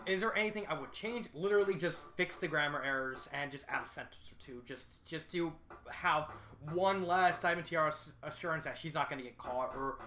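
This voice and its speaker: Casual spoken review, rambling, self-correcting, emphatic, repeats points, mid-pitched voice. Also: bright, forceful tone. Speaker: fan fiction reviewer.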